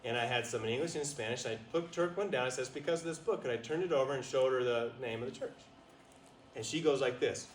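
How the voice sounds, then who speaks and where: A man telling a story at a retreat, animated, laughing often and asking the listeners questions. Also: medium pitch, quick pace. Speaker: guest speaker at a retreat. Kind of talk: storytelling talk to an audience. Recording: roomy, distant, faint noise.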